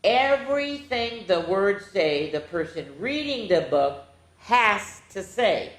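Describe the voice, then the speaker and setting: A woman reads a storybook aloud to children, slow and unhurried, with her pitch swooping widely as she plays with silly noises and voices. Her voice rings in a roomy, echoing space. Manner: playful, animated, making silly sounds and voices. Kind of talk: reading a picture book aloud to children. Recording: echoey room.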